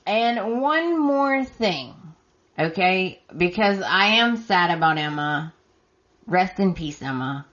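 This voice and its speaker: A woman hosting a podcast, recapping in an emphatic, exasperated way and talking straight to her listeners, her voice hoarse and scratchy. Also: fairly low pitch, lively intonation, slow, a bit bright, muffled recording. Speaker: podcast host. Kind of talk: solo recap commentary.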